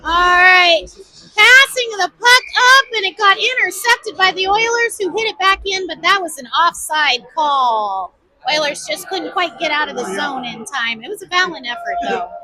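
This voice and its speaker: A woman giving fond, excited homemade play-by-play commentary at an indoor ice rink, shouting at big plays. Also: extremely high pitch, moderate pace, rough recording. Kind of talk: homemade live sports commentary. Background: faint arena noise.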